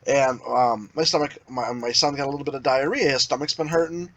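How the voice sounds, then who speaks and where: A man's voice: mid-range voice, fairly even intonation, fairly quick. A young adult man co-hosting a podcast, telling a home story plainly with acted quotes. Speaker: podcast co-host. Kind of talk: casual comedic chat.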